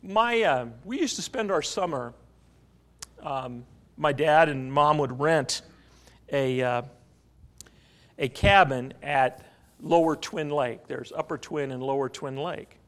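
A man's voice: a little high, takes it slowly, pauses often. A man preaching a sermon, telling a story and asking the congregation questions. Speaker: pastor.

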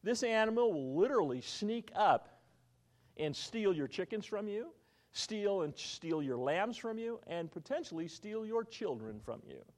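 A man's voice: sits high, a little slow. A man preaching a sermon as a pastor, telling stories and quizzing his congregation with questions. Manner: animated storytelling, quizzing the congregation.

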